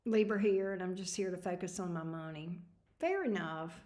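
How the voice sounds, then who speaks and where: A woman's voice: on the low side, expressive, normal speed, a little mellow. Snarky, tired woman streamer. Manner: snarky, laughing, reading chat messages aloud. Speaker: tarot reader hosting a livestream. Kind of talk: casual livestream chat with viewers.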